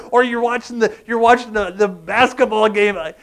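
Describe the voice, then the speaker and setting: A man preaching a sermon, animated, asking the congregation questions and acting out sounds. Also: sits high, moderate pace, hardly any pauses. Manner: animated, acts out groans and crowd sounds, asks the congregation questions. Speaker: pastor.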